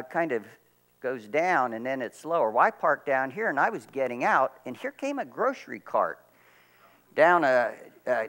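A middle-aged man preaching a sermon as pastor, telling stories with lively swings from quiet to loud. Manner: animated storytelling, big swings in pitch and volume.

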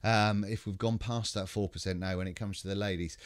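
A man's voice: fairly low pitch, steady tone, fairly quick, no echo, clean studio sound. A man hosting a casual livestream, reading out viewer greetings and stumbling cheerfully over names. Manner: chatty, stumbles over names, laughs often, swears casually. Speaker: livestream host. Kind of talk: casual live chat reading viewer comments.

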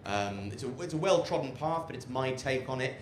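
A man's voice: medium pitch, animated, brisk, a little hiss or hum. A man doing a stand-up set on an outdoor rooftop, with a dry, ironic delivery full of fillers and halts. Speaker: stand-up comedian. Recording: echoey rooftop with loud crowd laughter.

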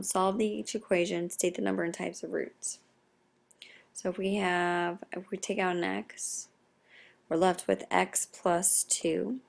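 A young woman, a math teacher, explaining a recorded lesson in a quiet, half-whispered voice. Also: mid-range voice, creaky.

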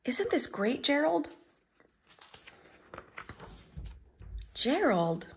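A woman voicing an excitable, cheerful little female pig in a storybook read-aloud, with a bubbly, squealing delivery. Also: high voice, unhurried, gravelly, a little hiss or hum, voice pushed up, heavily acted. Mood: joyful.

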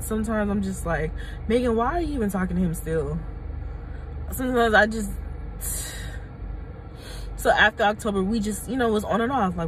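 A woman's voice: medium pitch, slight background noise, poor audio. A young adult woman telling a personal story on her vlog, candid and emphatic, full of slang and swearing. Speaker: mommy YouTuber.

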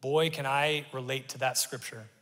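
A middle-aged man preaching a sermon, his delivery swinging from loud emphatic calls to hushed, confessional asides, picked up by a stage microphone in a church auditorium. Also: medium pitch, fairly even intonation, moderate pace. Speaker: pastor. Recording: live church hall reverb.

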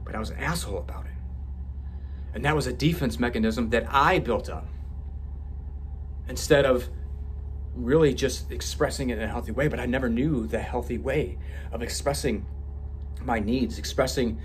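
A man's voice: mid-range voice, moderate pace, long pauses, a little hiss or hum. A man speaking candidly and with profanity as a podcast host, telling a personal story with frequent restarts.

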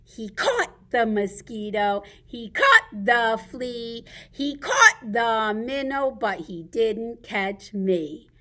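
A woman working as a children's librarian, reading picture books and turtle rhymes to babies in an animated, sing-song way. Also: a little high, takes it slowly, hardly any pauses.

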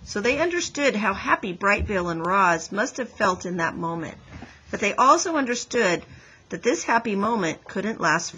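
Bright, husky woman reading aloud. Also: mid-range voice, rough recording. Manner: clear, explanatory storytelling. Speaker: teacher. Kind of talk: reading a chapter book aloud to a class. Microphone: video call.

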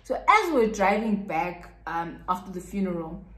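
A woman's voice: lowish voice, big pitch swings, normal speed, fairly bright tone. Chatty South African woman, echoey room. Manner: chatty, repeats words for emphasis. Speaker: YouTuber. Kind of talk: casual storytime.

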